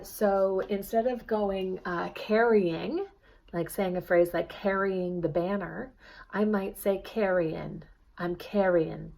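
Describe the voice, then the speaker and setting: Slow, patient woman dialect coach. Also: mid-range voice. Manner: slow, demonstrating sounds and prompting the viewer to repeat. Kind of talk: video accent lesson.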